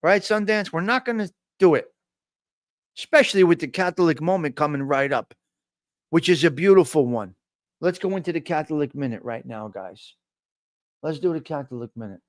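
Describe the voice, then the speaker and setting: A man's voice: fairly high pitch, expressive, normal speed, no room sound, studio quality. A man with a New Jersey accent hosting a casual live-stream chat, brash and profane, joking and talking back to the chat.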